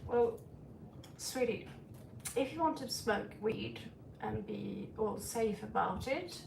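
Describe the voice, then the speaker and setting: Slow and fairly high-pitched with vocal fry, a middle-aged tarot reader chats casually on stream, rambling, speaking frankly, and calling her listeners sweetie. She's recorded from a distance in an echoey room with a noisy background.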